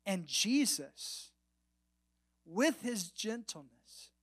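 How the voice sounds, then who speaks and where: A man preaching a sermon as pastor. He tells the story with big swings between loud and soft, and drops to a near whisper at the ends of phrases for emphasis. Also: high voice, big pitch swings, very slow, husky.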